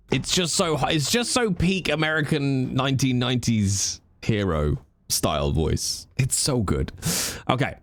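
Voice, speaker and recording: A man giving chatty, animated commentary while live streaming a video game. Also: medium pitch, a little slow. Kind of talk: casual gameplay commentary.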